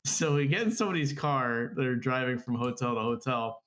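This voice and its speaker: A man's voice: medium pitch, animated, a little fast, fairly bright tone. A man co-hosting a casual podcast, telling a story, laughing and acting out his friends' lines. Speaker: podcast co-host.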